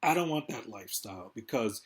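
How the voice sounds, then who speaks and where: A man's voice: medium pitch, expressive, slightly rough. A man delivering a rambling, profane political rant as a vlogger. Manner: rambling, profane, fast-talking. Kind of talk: ranting political monologue.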